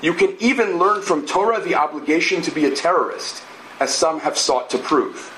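A male lecturer talks in a measured, explanatory way, pausing for asides and checking in with his listeners. His voice sits a little high for a man. It is recorded in an echoey room with a faint hiss behind him. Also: pushed and bright. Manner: measured, explanatory, thinks aloud with asides and tag questions. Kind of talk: academic lecture.

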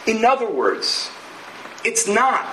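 Measured male lecturer in an echoey room. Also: sits high, sing-song, sharp tone, a little hiss or hum. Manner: measured, explanatory, thinks aloud with asides and tag questions. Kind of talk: academic lecture.

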